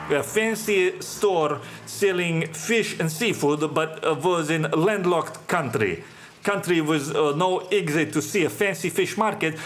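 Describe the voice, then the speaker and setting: A man hosting a solo podcast, talking in a dry, sardonic tone. His voice sits a bit high for a man, and his English is non-native, often leaving out articles. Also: a bit bright. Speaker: podcast host. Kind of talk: monologue podcast.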